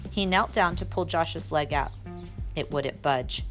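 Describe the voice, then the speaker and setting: A woman narrating a storybook aloud in a lively, expressive way. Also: low-pitched, a little slow, faint music behind. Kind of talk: storybook reading.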